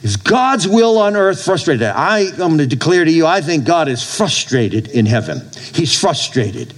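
Male pastor preaching; slightly raised pitch, emphatic delivery with repeated lines and amen calls. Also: big pitch swings, normal speed, rough recording. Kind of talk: sermon.

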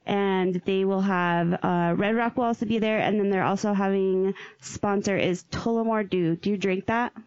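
A woman's voice: mid-range voice, fairly even intonation, normal speed, hardly any pauses, darkish tone, clear, resonant tone, dry recording. Female podcast host, casual, dry close sound with dull top end. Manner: announcing events, then bantering. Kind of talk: casual chat.

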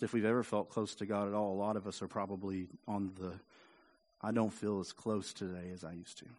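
A man preaching a sermon in a loose, conversational way, with a voice of ordinary middle pitch. He repeats words as he goes and lifts his volume when he wants to stress a point. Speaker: pastor.

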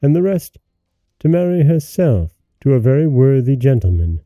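A man narrating a fairy tale as a podcast host, in measured, even storytelling. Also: medium pitch, dry recording, narrow, tinny audio, faint music behind.

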